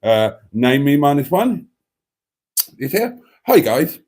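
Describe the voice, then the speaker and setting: A man's voice: mid-range voice, very animated, slow, a little mellow. A man hosting a live stream, chatting in a theatrical, camp way, calling listeners darlings and rambling with self-mocking muttered asides. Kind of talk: casual chat reading out viewer comments.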